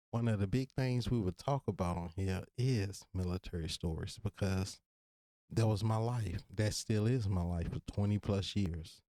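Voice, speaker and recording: A man in his thirties from Virginia with a Virginia accent and casual slang, hosting a solo podcast and talking straight to his listeners in an earnest, relaxed way. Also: lowish voice, no echo, clean studio sound. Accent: Virginia, Southern US. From Virginia, USA. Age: 30s. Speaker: podcast host.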